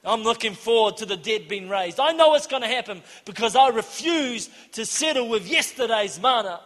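Male preacher, very high bright voice, animated storytelling, shouts for emphasis, long hall reverb. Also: moderate pace. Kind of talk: sermon with storytelling.

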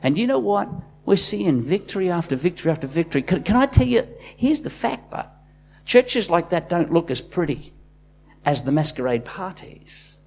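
A man preaching a sermon as a pastor, swinging between loud, impassioned bursts and quiet, intimate asides. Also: fairly high pitch, very animated, normal speed.

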